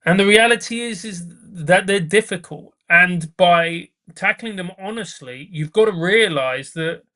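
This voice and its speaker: Male comic guest, bright and slightly high, earnest, emphatic repetition. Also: measured pace. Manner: earnest, repeats phrases for emphasis. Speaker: podcast guest, comedian. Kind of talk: casual chat.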